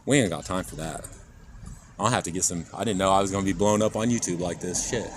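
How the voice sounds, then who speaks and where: With a deep voice and a quick pace, a Kansas, USA, streamer walks through city streets live-streaming on a handheld phone. He rambles and swears as he talks straight to his chat in this casual IRL stream, with loud traffic and street noise all around.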